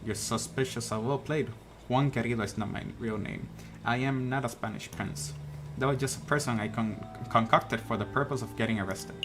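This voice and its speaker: A man voicing a suave male con-man bird who poses as a Spanish prince and tells things as a smooth, theatrical story. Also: medium pitch, normal speed, lightly acted. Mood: storytelling. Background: game music.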